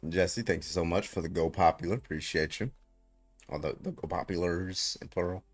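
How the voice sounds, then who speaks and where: Deep-voiced hyped livestream host man. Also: normal speed, soft background music. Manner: hyped, brash, profane, calls out viewers. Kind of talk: casual livestream chat and debate.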